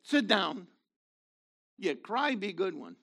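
Gravelly, fiery preacher in his seventies. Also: big pitch swings, slow. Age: 70s. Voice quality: gravelly, worn voice. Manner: fiery, swings from low murmurs to shouted exclamations. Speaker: messianic rabbi. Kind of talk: sermon.

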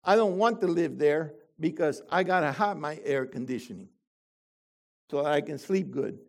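An older man preaching a sermon to a congregation, animated and full of rhetorical questions. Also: fairly high pitch, normal speed.

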